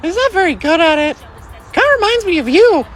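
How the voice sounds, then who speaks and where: Woman voicing a squeaky exasperated teen son. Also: big pitch swings, soft background music, some chatter behind. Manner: fast, flustered, sarcastic. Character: nervous, exasperated teenage son.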